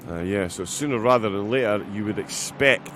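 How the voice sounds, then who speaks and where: A man with a Scottish accent giving live commentary on a sim race, with many fillers and bursts of excitement at incidents. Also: fairly low pitch, normal speed, a little hiss or hum.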